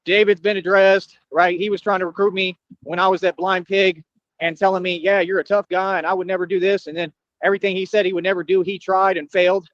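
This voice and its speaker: A man's voice: high voice, flat delivery, fast talker, fairly bright tone, dry recording. A man delivering a boastful, confrontational monologue as a streamer, taunting his listeners. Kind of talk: ranting monologue. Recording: dull lo-fi sound.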